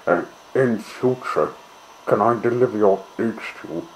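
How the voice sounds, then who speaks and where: A polite, long-suffering farmer from a children's storybook, read by a male narrator. He sounds weary and mild and speaks in a low, unhurried voice. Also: slight background noise, natural voice, low-quality recording.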